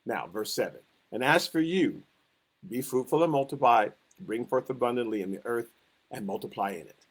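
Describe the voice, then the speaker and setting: A man's voice: mid-range voice, animated, moderate pace, husky. A man teaching a Sunday school Bible lesson in a conversational way, acting out the quotes he tells with rising emphasis.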